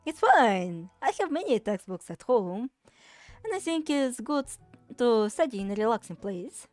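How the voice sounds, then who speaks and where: A woman reading the lines of a calm, protective young schoolmate in a game. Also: on the high side, a little slow, faint music behind. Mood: firm.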